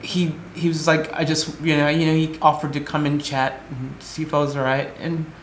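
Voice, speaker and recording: Telling an upsetting story on a vlog, a shaken speaker from the United States animatedly quotes the others involved, rambling and circling back with restarts. The medium-pitched voice moves at a normal speed in an echoey room, over slight background noise.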